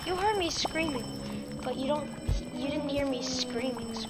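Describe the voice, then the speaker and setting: Over loud game music, a woman provides let's play commentary on her own gameplay for viewers. She's a gaming video creator with a high voice speaking at a normal pace, and she sounds exasperated and frustrated with the game.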